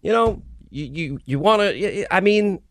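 A man's voice: high voice, lively intonation, moderate pace, no room sound. A man hosting a radio talk show, delivering an emphatic, impassioned monologue full of restarts. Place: radio studio. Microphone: studio microphone.

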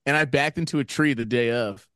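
A man co-hosting a podcast who tells stories in an excitable, rambling way with plenty of swearing. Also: medium pitch, brisk, dry recording, studio quality. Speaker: podcast co-host. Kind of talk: casual chat.

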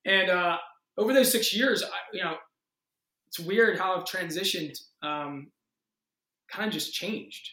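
A man in his thirties, an actor, telling a story in a casual interview with excited energy, acting out quotes and swearing freely. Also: high voice, measured pace, long pauses, reverberant. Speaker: actor guest.

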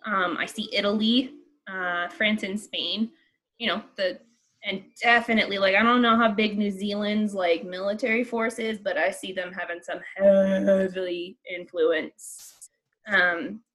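A woman talking on a casual podcast at a middle pitch. She rambles in an animated way, swears freely and fills pauses with "like" and "um". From United States. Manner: chatty and animated, swears freely, many fillers. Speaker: podcast co-host. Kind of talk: casual chat.

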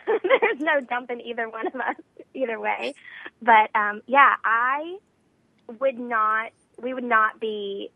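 A woman guest, a pastor's wife, chatting warmly and effusively on a phone call, with lots of "you know" and laughter. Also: medium pitch, dry recording. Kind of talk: casual interview chat. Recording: tinny dry phone line.

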